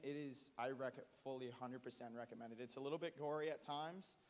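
A man giving a halting, earnest testimony at a church gathering, with many restarts. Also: mid-range voice, darkish tone. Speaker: church member sharing testimony. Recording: long hall reverb.

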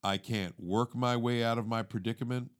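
A man co-hosting a faith podcast, explaining scripture in a casual, animated way and acting out everyday inner thoughts. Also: mid-range voice, normal speed. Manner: animated, acts out inner monologue; calls listener "dude". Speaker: podcast co-host. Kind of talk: conversational teaching.

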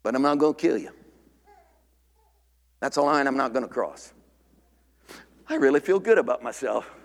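A man's voice: medium pitch, lively intonation, normal speed, voice pushed down, natural voice. A man playing a hot-tempered, self-justifying churchgoer, mock-earnest and defensive, in a church with long reverb. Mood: grudging.

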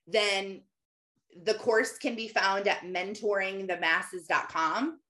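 A woman in her thirties, a Christian mentor hosting a live session, speaks at a medium pitch with a fairly bright tone. She offers casual, encouraging faith-based coaching, greeting viewers by name and laughing often.

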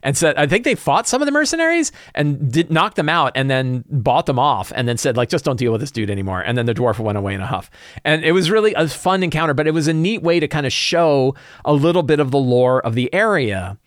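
A man hosting a podcast, talking casually and loosely about running a tabletop campaign, with frequent quick asides. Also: a little high, expressive, no echo, clean studio sound. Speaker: podcast host and game master.

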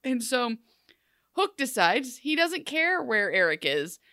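This woman speaks slowly in a fairly high voice, co-hosting a podcast with a chatty, joking manner and spinning an animated story with plenty of tangents. The audio is studio quality with no room sound.

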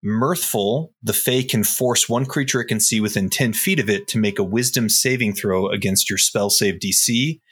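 A man's voice: on the low side, normal speed, few pauses, a bit bright, husky. A man playing a tabletop game, eagerly explaining his spell and its rules at length. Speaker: player. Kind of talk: casual tabletop game play.

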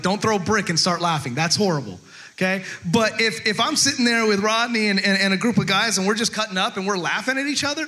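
A man's voice: sits high, pushed and bright. A male pastor giving a chatty, humorous sermon, stumbling over restarts and acting out quotes.

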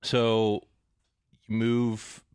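Deep-voiced Texan man interviewing. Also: drawn-out words, smooth, no echo, clean studio sound. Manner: relaxed, hesitant with many fillers. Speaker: podcast host interviewer. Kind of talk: casual interview.

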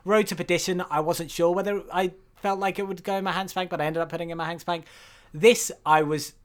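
A man co-hosting a podcast in casual chat, animated and laughing often, with excited protests. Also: high-pitched, fairly quick. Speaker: podcast co-host.

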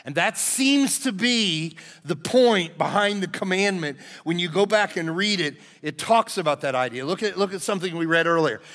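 A man's voice: high voice, normal speed, hardly any pauses, fairly bright tone. A man, a pastor preaching a sermon in a folksy, joking way to his congregation. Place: church sanctuary. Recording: long hall reverb in a church.

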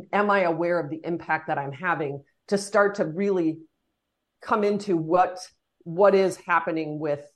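A woman leadership consultant answering interview questions, making her points emphatically in quick repeated phrases. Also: low voice.

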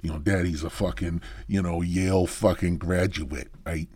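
Low, husky man rambling profanely. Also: fairly even intonation, darkish tone, no echo. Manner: profane, meandering, halting restarts. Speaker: podcast host. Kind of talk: rambling comedic monologue. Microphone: close microphone.

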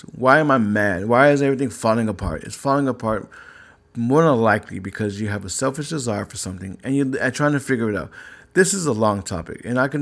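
A man's voice: mid-range voice, creaky. A married man hosting his own podcast, talking earnestly and a little preachily about anger and faith, often repeating himself and asking questions. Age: adult, married. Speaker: podcast host. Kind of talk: casual faith-based talk.

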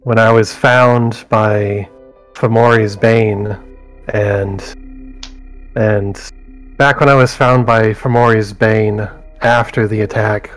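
A man playing his character in a tabletop game, speaking quietly and measured. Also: fairly low pitch, fairly even intonation, soft background music. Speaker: player. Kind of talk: tabletop role-play.

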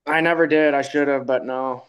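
A man's voice: medium pitch, steady tone, moderate pace, smooth, low-quality recording. A man, a retired bull rider, guesting on a podcast and telling stories in a laid-back way, often laughing. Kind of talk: casual storytelling.

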